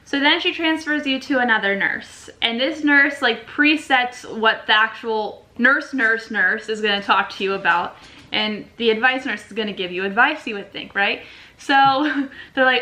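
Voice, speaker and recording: Chatty, bright-voiced young woman vlogger. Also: fairly high pitch, normal speed, rough recording. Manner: animated, chatty, acts out quotes. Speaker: vlogger telling a story with her partner. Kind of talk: casual storytime chat.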